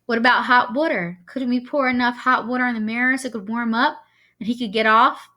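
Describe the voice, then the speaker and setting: A woman voicing a worried mother with a Southern accent, gentle and fretful, while reading a story aloud. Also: a little high, fairly even intonation, brisk, pitched above the performer's own voice. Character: worried mother, talks Southern when upset.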